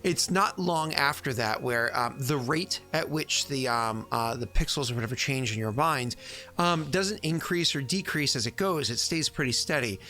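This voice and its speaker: A man's voice: mid-range voice, normal speed, sharp tone, soft background music. A man running a tabletop game as game master, rambling with many fillers and frequent laughs.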